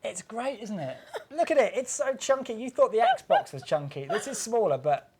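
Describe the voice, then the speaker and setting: A man co-hosting a TV gaming show, jokey and excitable as he shows off old consoles. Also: sits high, normal speed, husky. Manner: excitable and jokey, laughs often. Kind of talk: enthusiastic studio banter.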